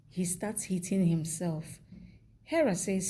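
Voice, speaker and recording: Slow, husky woman narrating a recap. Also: mid-range voice, lively intonation, dark tone. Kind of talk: scripted plot recap narration.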